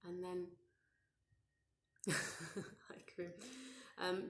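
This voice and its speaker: Soft-spoken woman in an echoey room. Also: lowish voice, steady tone, moderate pace. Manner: gentle, conversational, many fillers and restarts. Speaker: parenting educator. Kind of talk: live online parenting session.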